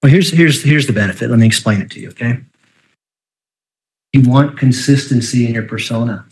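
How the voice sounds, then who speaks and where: A man's voice: mid-range voice, fairly quick, a little mellow, a little hiss or hum, rough recording. A man questioning a witness in a courtroom, pressing and insistent, pinning down answers. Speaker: prosecuting attorney. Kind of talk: courtroom cross-examination.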